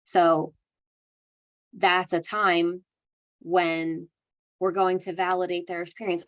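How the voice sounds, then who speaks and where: A young adult woman, a dementia care educator, giving an earnest, conversational educational talk and acting out gentle phrases to say. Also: lowish voice, flat delivery, slow pace, long pauses.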